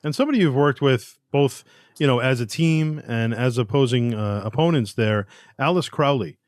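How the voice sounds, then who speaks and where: A man hosting a podcast with a middle-pitched voice recorded dry and close. He asks easygoing questions and keeps his replies short. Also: lively intonation, moderate pace, no room sound. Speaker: podcast host. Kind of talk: casual podcast interview.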